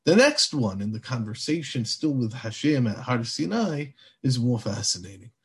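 A man giving a Torah class in a lively, animated way. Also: mid-range voice, moderate pace, breathy edge. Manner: animated, acts out biblical dialogue. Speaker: Torah teacher.

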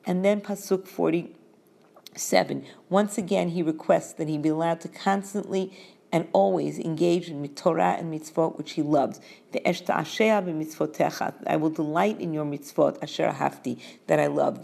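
A woman teaches scripture verse by verse, slightly low in pitch with a gravelly edge of vocal fry. She reads each line in Hebrew, then explains it in a measured, steady way. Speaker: Torah teacher.

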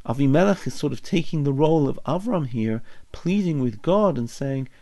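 A man's voice: a little high, animated, moderate pace, mellow. A male Bible teacher giving a study lesson, thinking aloud and posing many questions. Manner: reflective, asks many questions.

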